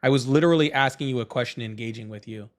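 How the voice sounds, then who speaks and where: A man's voice: medium pitch, very fast. A young man hosting a live political call-in stream, talking loosely and profanely with lots of fillers and restarts. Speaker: livestream host. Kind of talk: casual livestream debate with callers.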